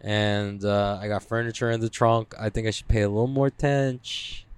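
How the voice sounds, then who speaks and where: A man's voice: on the low side, little pitch movement, normal speed, clean tone, dry recording. A man hosting a casual solo podcast from his car while driving, talking in a profane, rambling, self-mocking way. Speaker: podcast host. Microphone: headphones with mic.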